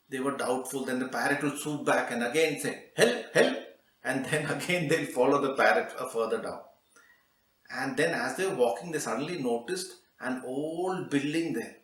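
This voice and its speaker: A man tells a children's story in a loose, chatty way, pausing with fillers and restarting his sentences. His voice sits at an ordinary middle pitch. It is recorded in a roomy space, a little away from the mic. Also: distant mic. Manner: relaxed, conversational telling with fillers.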